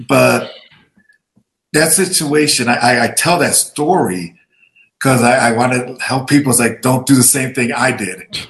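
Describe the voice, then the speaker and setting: A raspy-voiced man in his forties, a military veteran guest, telling stories in a lively, laughing, self-deprecating way. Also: medium pitch, reverberant, rough recording. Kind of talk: casual storytelling interview.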